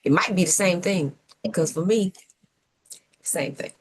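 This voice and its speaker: A woman co-hosting a panel talk show, her voice sitting a touch low. She argues by sarcasm and rhetorical questions, posing as just asking. Now and then she lets out a playful whoop. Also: a little fast, slightly rough. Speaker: co-host of a civic talk show. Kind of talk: opinionated panel commentary.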